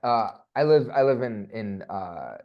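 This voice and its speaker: Chatty man on a muffled call. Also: lowish voice. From United States. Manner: animated, chatty, quick asides and laughs. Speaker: interview guest. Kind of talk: casual interview talk.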